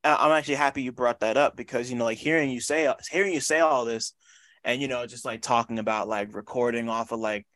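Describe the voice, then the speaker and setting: A man's voice: medium pitch, steady tone, fast talker, fairly bright tone, no echo. A man interviewing a guest in a casual chat, rambling through his questions with many filler words.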